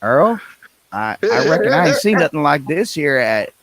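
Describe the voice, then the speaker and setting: A man putting on a folksy old Southern US stock-car fan who drawls to his buddy Earl. The voice rises high and loud. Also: sing-song, moderate pace, husky, no echo, exaggerated voice. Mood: amazed.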